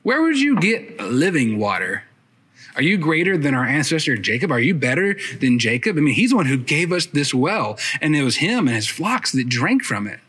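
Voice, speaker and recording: A man voicing a skeptical, quick-witted Samaritan woman who challenges with pointed questions, in a sermon retelling. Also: fairly high pitch, sing-song, fairly bright tone, husky, full character voice. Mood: challenging.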